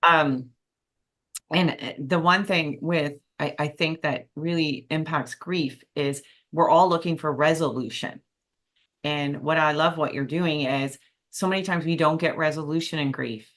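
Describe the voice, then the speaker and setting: A woman's voice: deep voice, unhurried, fairly bright tone. A woman hosting a podcast interview, candid and enthusiastic, laughing easily as she talks. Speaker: podcast host. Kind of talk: casual interview chat.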